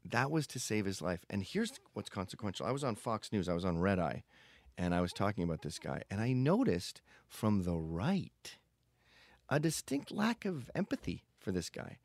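A man's voice: fairly low pitch, very animated, normal speed, dry recording. A man hosting a podcast, talking in a blunt, profane, digressive casual monologue. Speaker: podcast host.

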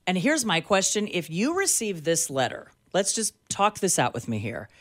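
A woman's voice: lowish voice, huge pitch swings, normal speed, dry recording. A woman co-hosting a talk radio show, chatty and emphatic, who also reads ads. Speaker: radio co-host. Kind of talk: talk radio chat and live read ads.

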